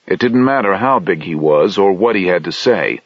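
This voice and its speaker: Low-voiced male audiobook narrator. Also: husky, no echo. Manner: steady, measured reading. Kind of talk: scripted narration. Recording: dull lo-fi dry audiobook recording.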